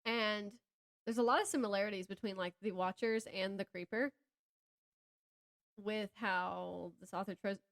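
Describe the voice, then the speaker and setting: A woman's voice: medium pitch, steady tone, moderate pace, long pauses. A woman with a Southern American accent co-hosting a casual book podcast, rambling and stopping herself mid-thought, laughing often. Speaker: podcast co-host. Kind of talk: casual chat about books.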